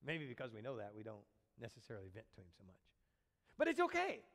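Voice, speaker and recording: A man preaching a sermon as a pastor, animated, acting out quoted voices and speaking directly to his congregation. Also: mid-range voice, quick pace. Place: church sanctuary. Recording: long church reverb.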